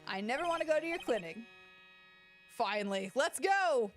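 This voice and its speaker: A woman's voice: high-pitched, big pitch swings, moderate pace, soft background music. A woman casually commenting through a game playthrough, chatty, giggly and self-deprecating. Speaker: gaming streamer.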